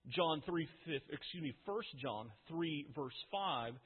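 A man preaching a sermon, talking conversationally and firing off rhetorical questions with dramatic pauses. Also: on the high side, animated, slightly rough. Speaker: pastor. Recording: phone-like audio with long hall reverb.

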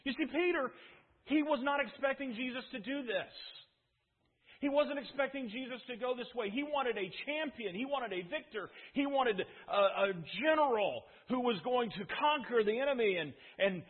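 Husky high-voiced male preacher. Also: moderate pace. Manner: storytelling, emphatic with repeated restarts. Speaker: pastor. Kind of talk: sermon. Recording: tinny phone-like sound.

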